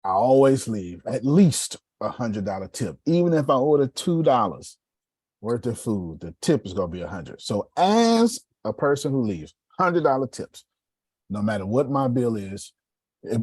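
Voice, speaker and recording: A middle-aged man coaching a sales class, animated and preachy, tossing questions to the room. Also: on the low side, moderate pace, husky, no room sound. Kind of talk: live coaching session.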